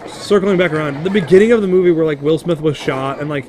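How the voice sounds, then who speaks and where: A man's voice: fairly high pitch, noisy background. A man co-hosting a casual podcast chat, telling stories in long run-on sentences. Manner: fast, run-on storytelling with fillers.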